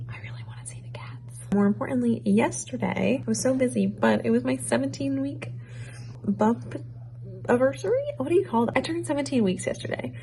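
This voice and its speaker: A woman's voice: a little high, fairly quick, gravelly, warm tone. A young adult woman vlogging in a casual, rambling way, sounding tired. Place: home or small office room.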